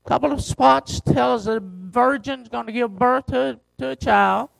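A man pastor preaching a sermon, reading scripture slowly and driving his points home with emphasis. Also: very high-pitched, vocal fry, fairly bright tone, no echo, poor audio.

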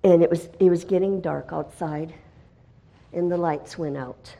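A middle-aged woman giving a spoken testimony as a missionary, telling her story dramatically and swinging from hushed tones to loud, excited bursts. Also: fairly low pitch, a little slow, vocal fry.

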